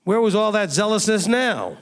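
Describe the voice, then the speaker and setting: A man's voice: sits high, very animated, normal speed, smooth. A man preaching a sermon as a rabbi, emphatic and firing rhetorical questions at his listeners. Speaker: rabbi teaching a congregation.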